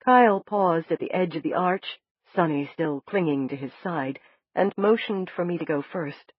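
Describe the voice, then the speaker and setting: A woman with a low, breathy voice reads a novel aloud in the first person, soft and measured. The sound is dry and a little dull, as if from a lo-fi recording. Her telling carries a quiet emotional weight. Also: dry recording. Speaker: audiobook narrator.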